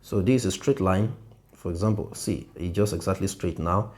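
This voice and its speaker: A man's voice: sits low, normal speed, a little mellow. A man teaching a design lesson over a screen share, often repeating himself and checking in with "okay" and "you see".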